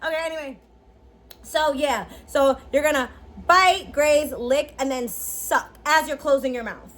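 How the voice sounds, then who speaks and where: High-voiced, lively young woman vlogger. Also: unhurried. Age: 20s. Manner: animated, slangy, chatty, laughs often. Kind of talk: casual tutorial chat.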